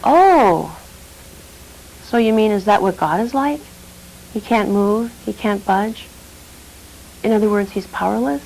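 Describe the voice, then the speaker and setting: A woman's voice: medium pitch, measured pace, gravelly, long pauses, a little mellow, a little hiss or hum, rough recording. A woman voicing a clever young man, Abraham, who talks slyly and innocently. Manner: sly, mock-innocent.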